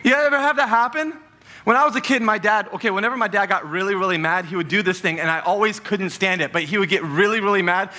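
A man preaching a sermon as pastor, talking in a lively, conversational way and joking with the congregation in a church. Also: sits high, noisy background. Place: church sanctuary.

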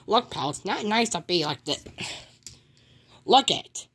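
A man's voice: sits high, expressive, a little slow, sharp tone, husky, voice pushed down, exaggerated voice. A man voicing a cheerful male cartoon mouse in a homemade toy skit, mumbling through stumbling restarts. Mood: stern.

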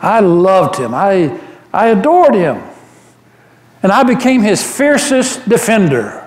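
A man's voice: high-pitched, slow, full character voice. A man playing the apostle Peter, an earnest, devoted fisherman telling his memories in a first-person monologue during a church service. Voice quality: earnest, animated storyteller with frequent restarts. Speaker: church member giving a dramatic monologue. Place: church sanctuary. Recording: roomy church echo.

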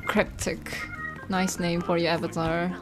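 A woman's voice: fairly low pitch, little pitch movement, a little slow, music in the background. A young woman hosting a casual gaming video, talking loosely with lots of fillers and frequent giggles. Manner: giggly, laughs often between remarks; loose, filler-heavy talk with "like" and "you know". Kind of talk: casual gameplay commentary.

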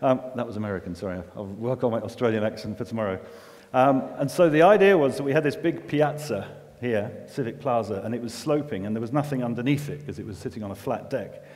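A man's voice: mid-range voice, fast, darkish tone. A middle-aged man giving a conference talk, chatty and self-deprecating, with many restarts and asides. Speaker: environmental engineer giving a festival talk. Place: festival venue with long reverb. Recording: reverberant hall recording.

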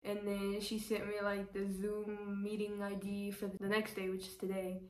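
Flat-voiced young woman, echoey and off-mic. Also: medium pitch, moderate pace, recorded from a distance. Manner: chatty, fills with "like", acts out quotes. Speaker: vlogger. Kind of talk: casual storytime. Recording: roomy echo, voice away from mic.

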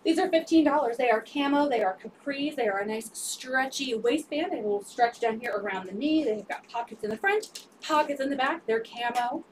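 A woman's voice: sits high, fairly quick, far from the mic, slight background noise. A woman selling secondhand clothes on a live stream, upbeat and repeating sizes, prices and item numbers. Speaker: resale live-stream seller. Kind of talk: live sales pitch.

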